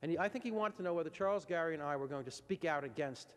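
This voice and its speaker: In a reverberant lecture hall captured on old tape, a man with a slightly high voice speaks very fast while giving a university lecture. He recounts events like a dramatic storyteller, acting out the quoted dialogue.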